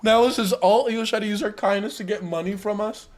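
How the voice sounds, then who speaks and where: A man's voice: sits high, quick pace. A man streaming live and reacting to a video in casual chat, swearing and venting with frequent "bro" and "dude". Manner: profane, exasperated outbursts; calls listeners bro and dude.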